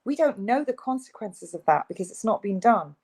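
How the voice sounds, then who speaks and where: In a video interview, a female guest speaks emphatically and insistently, almost ranting. Her voice sits at medium pitch, animated, brisk and a little mellow, though the recording quality is low.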